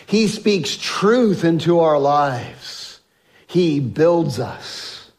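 Male pastor, slightly high voice, sermon storytelling with acted-out biblical voices. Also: lively intonation, very slow. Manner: swings from loud emphasis to soft hushed lines.

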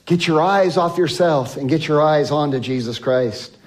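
Man, pastor, sermon, fairly high pitch, emphatic, calls on the congregation. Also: normal speed, a little mellow. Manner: preaching with emphatic swings in pitch and pace, asks the congregation to repeat lines. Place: church sanctuary with congregation. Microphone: microphone.

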